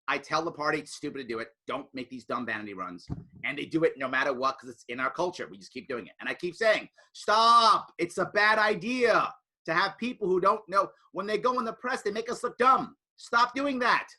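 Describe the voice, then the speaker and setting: Lively, bright-voiced man, animated speaker. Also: mid-range voice, fast, husky. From United States. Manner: animated, mimics others in raised voices. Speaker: political speaker. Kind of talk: casual talk to a student group.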